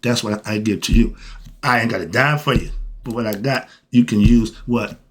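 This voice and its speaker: Blunt, husky man preaching to the camera. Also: mid-range voice, steady tone, normal speed. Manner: emphatic, asks and answers his own questions; colloquial, blunt. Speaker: host. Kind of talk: preachy spiritual monologue.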